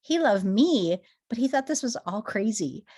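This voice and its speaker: A woman in her forties from Minnesota, giving an earnest, emotional testimony as a guest speaker and rising into excited rhetorical questions. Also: fairly high pitch, moderate pace, breathy edge. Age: 40s. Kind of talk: motivational company testimony.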